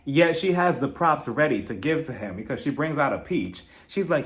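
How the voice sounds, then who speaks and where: A man's voice: on the high side, moderate pace. Sarcastic man recapping reality TV. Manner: animated, sarcastic, laughs often, mimics people in quotes. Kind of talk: casual recap commentary.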